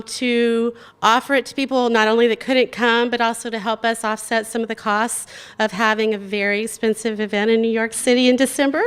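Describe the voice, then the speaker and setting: Woman host at a live awards event, smooth voice, chatty, lots of "um"s. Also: fairly high pitch, a bit bright. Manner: chatty, filler-heavy, laughs often. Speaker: awards host and group organizer. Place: event hall in New York.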